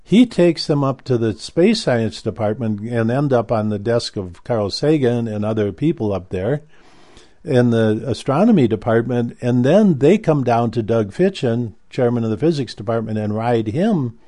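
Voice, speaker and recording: A man's voice: mid-range voice, expressive, moderate pace, mellow. An older man telling a story about his past in a casual, rambling way, often stopping and restarting. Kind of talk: casual spoken recollection.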